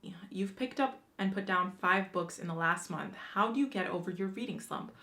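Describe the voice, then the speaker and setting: A woman's voice: medium pitch, moderate pace. Chatty young woman book vlogger. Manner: chatty and animated, with slang and swearing. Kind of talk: casual chat answering a book tag.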